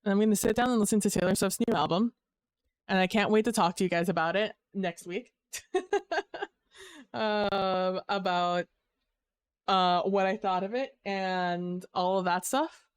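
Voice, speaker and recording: Chatty young woman streamer, smooth voice. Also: medium pitch, no room sound. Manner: rambling, upbeat, full of fillers and restarts. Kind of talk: casual live-stream chat.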